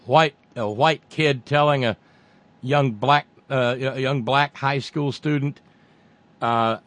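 A man's voice: mid-range voice, takes it slowly, long pauses, a bit bright. A man with a Southern American accent delivering a profane, sarcastic political rant as a commentator. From Southern United States. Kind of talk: monologue rant.

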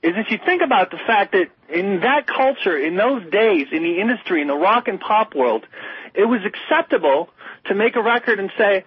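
A man's voice: sits high, expressive, a little fast, husky, dry recording. A man co-hosting a radio talk show, chatting casually about music in an emphatic, rambling way with many restarts. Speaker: radio co-host. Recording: slightly muffled radio broadcast.

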